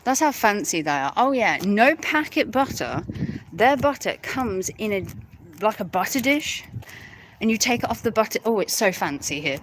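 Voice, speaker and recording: A woman's voice: mid-range voice, big pitch swings, moderate pace, slight background noise, rough recording. A British woman hosting a casual livestream outdoors on her phone. She giggles, teases her viewers and swears casually. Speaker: livestream host. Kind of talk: casual live chat with viewers. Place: outdoors at night near a hotel and graveyard.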